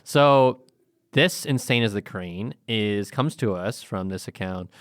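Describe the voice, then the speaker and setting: Podcast co-host, man, lowish voice, upbeat, dry mic. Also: slow pace, no echo. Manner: upbeat, reads posts aloud. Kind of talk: casual chat.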